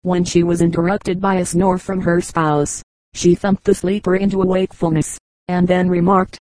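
A woman reading a collection of short humorous anecdotes aloud as scripted narration, with a steady, even delivery. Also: fairly low pitch, normal speed, dry recording, rough recording. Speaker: audiobook reader.

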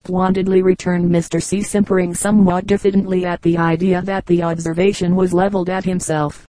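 A woman narrates a classic novel in a measured, even reading. Her voice sits low and mellow, with a warm softness to it. The recording is dry and close, with no room sound around her. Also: no room sound, low-quality recording. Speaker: audiobook narrator.

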